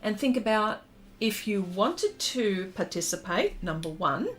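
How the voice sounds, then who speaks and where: Aussie lady chatting to her stream while she draws, medium pitch, lots of ums, heartfelt. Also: very animated, measured pace, a bit bright. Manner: chatty and heartfelt, many ums, reads out chat comments. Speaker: art livestream host. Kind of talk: casual livestream chat while drawing.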